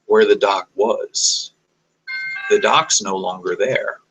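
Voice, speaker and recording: A man improvising a story aloud, describing scenes as he goes, often pausing and restarting mid-sentence. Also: fairly low pitch, steady tone, fairly bright tone, a little hiss or hum, low-quality recording. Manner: halting, searching for words, many restarts.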